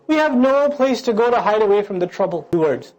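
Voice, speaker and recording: A man giving a lecture on scripture, animated and joking in a conversational way. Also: high-pitched, a little fast, dull audio. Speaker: preacher explaining scripture.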